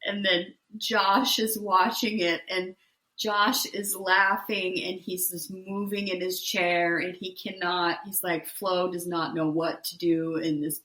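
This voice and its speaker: A woman co-hosting a podcast, relaxed in casual chat about a reality show and often chiming in with agreement. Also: fairly low pitch. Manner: slow, relaxed chat with frequent short agreements. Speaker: podcast co-host. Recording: roomy echo.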